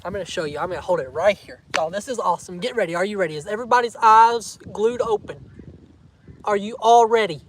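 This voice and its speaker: A man, chatting warmly and emotionally to his viewers in a casual vlog, teasing them and saying y'all a lot. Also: high-pitched, fast talker, slight background noise. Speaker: vlogger.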